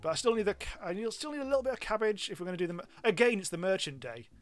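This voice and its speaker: A British man commentating a game stream in a loose, rambling, self-mocking way. His voice sits a touch higher than most men's. Faint game music plays quietly behind him. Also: animated, racing. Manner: chatty, rambling, self-mocking with frequent ums. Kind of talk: live gameplay commentary.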